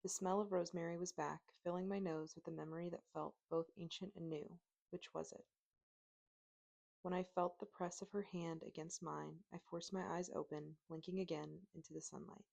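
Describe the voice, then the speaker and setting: A woman narrating a first-person audiobook in steady, emotive storytelling on a close mic. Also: fairly low pitch, moderate pace, gravelly.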